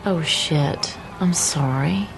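A woman's voice: low-pitched, takes it slowly, creaky, slight background noise, heavily acted. An actress playing a lonely woman who calls a friend at night and is close to tears, in a film clip. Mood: choked up.

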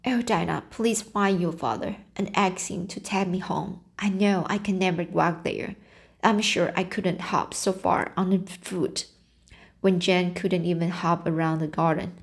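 A woman's voice: lowish voice, steady tone, measured pace. A woman reading an audiobook voices a young girl who talks in an earnest, dramatic way. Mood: pained. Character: imaginative talkative young girl.

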